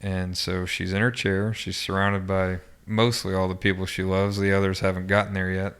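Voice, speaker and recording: Male podcast guest, low voice, monotone, halting recollection with restarts. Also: smooth. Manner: halting, with frequent restarts and fillers. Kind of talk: personal recollection in an interview.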